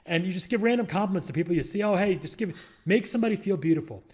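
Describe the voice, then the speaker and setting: A man's voice: high voice, animated, very fast, a little mellow, husky. A young man giving casual advice in a rambling, joking way, full of fillers and restarts. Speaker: real estate investor and show host.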